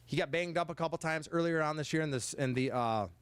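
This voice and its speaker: A man in his forties, a head football coach giving a banquet speech, talking in halting, stammering repeats and getting emotional at times. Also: on the high side, clean tone, no echo. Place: banquet hall, indoors.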